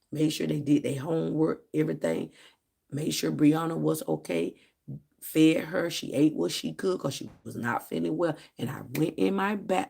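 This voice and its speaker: A woman with a deep, creaky voice and a breathy edge tells a storytime vlog casually. As a vlogger, she animates the tale by acting out the quoted dialogue of the people in it.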